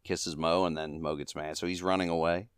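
A man with a low, clear voice hosts a podcast and casually recaps a comedy short. He chuckles often as he retells the gags. The sound is dry and close. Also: level tone, fairly quick, dry recording. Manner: chuckling often, acting out quoted lines.

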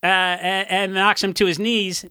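Discussing a song in easy conversation, a punk musician rambles, stops and restarts, and fills gaps with fillers. His high-pitched voice is level, measured in pace, pushed, bright and clean, recorded at studio quality with no room sound.

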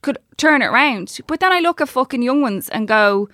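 Bright-voiced Irish woman in her thirties. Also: high-pitched, expressive, brisk, no room sound, studio quality. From Ireland. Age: 30s. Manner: chatty, sweary, storytelling. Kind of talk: casual chat.

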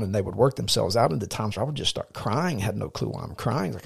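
A man's voice: on the low side, animated, fast talker, creaky, hardly any pauses, slightly rough. A man who is a pastor co-hosting a podcast, speaking earnestly and personally in a casual faith-based talk.

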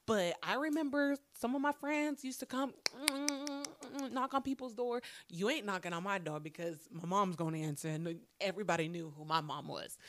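Animated, profane young woman telling a story. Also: lowish voice, no echo. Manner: animated, profane, acts out quotes. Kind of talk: casual storytelling.

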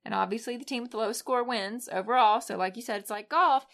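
A woman's voice: on the high side, fast, fairly bright tone. A woman co-hosting a casual sports chat, playful and laughing often. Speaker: podcast co-host.

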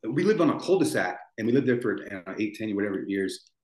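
With a lowish, darkish, expressive voice and a quick pace, a man in his forties tells a painful story as a podcast guest. The emotional telling rambles with restarts and repeated words, and a roomy echo fills the recording.

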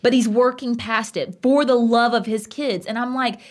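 A woman's voice: a little high, moderate pace. Passionate woman with a twang. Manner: emphatic, passionate, animated storytelling. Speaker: podcast co-host. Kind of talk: casual podcast chat.

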